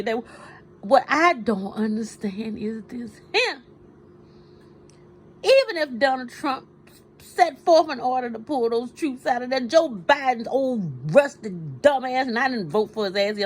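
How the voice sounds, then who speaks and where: A woman's voice: a little high, slightly rough, low-quality recording. A tired woman in a personal vlog rant, outspoken, heated and profane, talking in her kitchen late at night. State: tired and sleepy. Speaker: vlogger.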